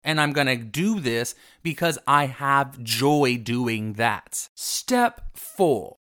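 Male host for a self-help radio show, flamboyant and theatrical, very animated pitch. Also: slow pace. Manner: theatrical, calls listeners darling.

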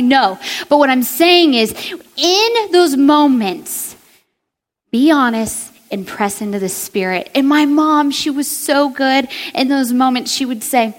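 A woman's voice: high-pitched, a little slow, in a large hall. A young woman preaching an earnest, conversational sermon and speaking directly to the women listening.

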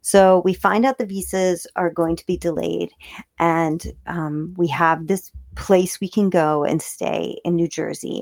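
A woman telling a personal story in a casual, chatty way. She talks fast and laughs often. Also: fairly low pitch, creaky, darkish tone, dry recording, studio quality. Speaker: video creator.

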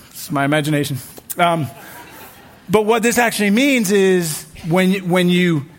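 A young male pastor preaching in a relaxed, conversational way, with joking asides and frequent restarts, in a church. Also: fairly high pitch. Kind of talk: sermon.

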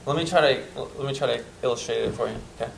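A man preaching a sermon, earnest and emphatic, dropping to soft tones at tender moments. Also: mid-range voice, racing, vocal fry, slight background noise, poor audio.

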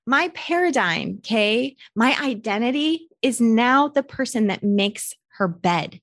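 A woman podcast host in her thirties delivering a motivational monologue with a fairly high voice. She speaks emphatically and candidly, swearing freely. The recording is dry and close. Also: no room sound. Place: hotel room.

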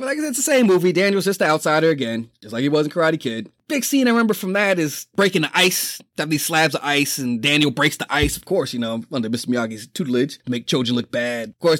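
A man's voice: on the high side, no echo, clean studio sound. A man casually retelling a movie plot, laughing often and acting out the characters' lines with profanity. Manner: animated storytelling, laughs often, acts out quotes. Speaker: movie recap host.

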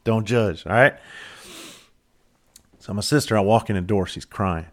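Low-voiced man telling a story. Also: takes it slowly. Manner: loose, profane, rambling and self-mocking. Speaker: podcast host. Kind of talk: casual storytelling.

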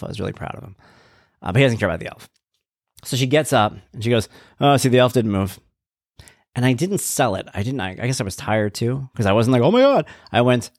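A man's voice: on the low side, dry recording, studio quality. A man in his forties hosting a podcast, talking in a loose, rambling way with lots of "you know" asides. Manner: chatty, rambling, self-interrupting with "you know". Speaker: podcast host and blogger. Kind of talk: casual personal podcast monologue.

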